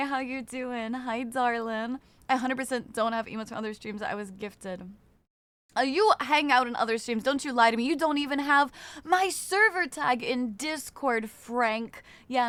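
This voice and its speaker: Chatty young woman streamer, crisp voice. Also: on the high side, normal speed, a bit bright, dry recording. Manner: chatty, greets chat by name, swears casually. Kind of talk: casual live-stream chat.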